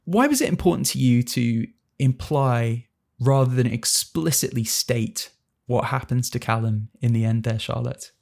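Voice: mid-range voice, expressive, moderate pace, creaky, darkish tone. A podcast host asking a film director casual, curious questions. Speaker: podcast interviewer.

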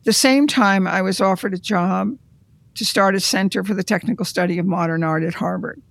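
An art conservator recounting their career in an interview, in a measured, reflective storytelling manner. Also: mid-range voice, gravelly, no echo.

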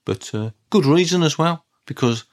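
Brummy guy doing his podcast, flat steady delivery, wry and deadpan. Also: fairly high pitch, normal speed. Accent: Birmingham. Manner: dry, level delivery with little show of excitement; wry, self-deprecating. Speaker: podcast host. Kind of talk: casual solo podcast talk.

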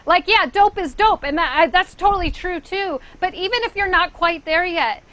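Bright, high-voiced woman telling stories earnestly. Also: normal speed, dry recording, poor audio. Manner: earnest, animated storytelling. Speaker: DJ panel guest. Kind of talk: casual panel discussion.

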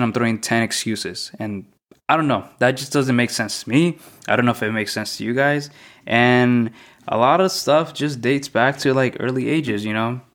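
A young man hosting a solo podcast, talking through his thoughts in a mostly monotone, reflective way, often repeating questions. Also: mid-range voice. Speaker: podcast host.

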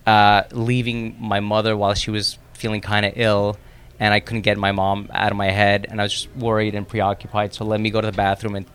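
A man's voice: on the low side, a little fast, smooth. A man chatting casually as a podcast host, telling a story with frequent laughter and restarts. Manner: animated storyteller, laughs often, many restarts. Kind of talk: casual chat.

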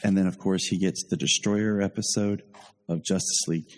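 A man's voice: sits low, steady tone, moderate pace, long reverb tail. A man hosting a podcast in casual chat, sharing opinions and thinking aloud with small repeats. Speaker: podcast host.

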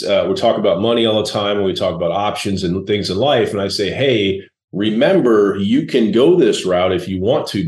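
A man's voice: lowish voice, darkish tone, roomy sound. A man in his forties, a guest entrepreneur telling blunt, laid-back stories in a casual interview.

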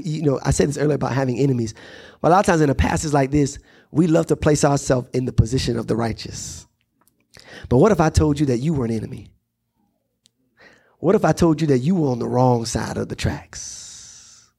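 A man's voice: on the high side, darkish tone, husky. A man preaching a sermon as pastor, building to rising, impassioned cadences. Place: church sanctuary.

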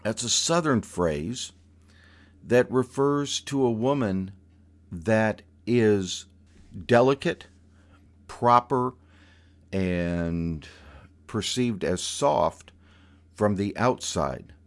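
A man narrating a personal story at an unhurried pace, his voice sitting low. He speaks in a measured, deliberate way, pausing and restarting now and then. The delivery stays calm and conversational.

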